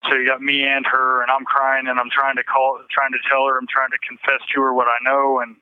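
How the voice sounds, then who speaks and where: A man's voice: medium pitch, completely flat delivery, smooth, no room sound. Man recounting events over tinny phone. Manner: halting, repeats himself, restarts sentences. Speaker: interview guest. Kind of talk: emotional personal account.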